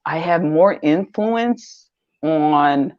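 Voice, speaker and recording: A woman's voice: low voice, extremely slow, no room sound, muffled recording. Older woman rambling through a story. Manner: rambling, repeats words, animated when quoting others. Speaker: interview guest, online seller. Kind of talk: casual interview storytelling.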